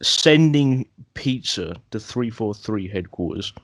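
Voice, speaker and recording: A man's voice: on the low side, animated, takes it slowly, fairly bright tone, dry recording. A young man hosting a casual podcast, chatting loosely with a friend, laughing and swearing often. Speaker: podcast host. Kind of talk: casual chat.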